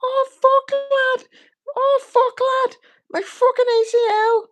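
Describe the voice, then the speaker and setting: A man's voice: very high-pitched, steady tone, takes it slowly, voice pushed up. A man putting on a Liverpool accent to play a wailing, over-the-top injured male fighter. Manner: shrieking, exaggerated whining.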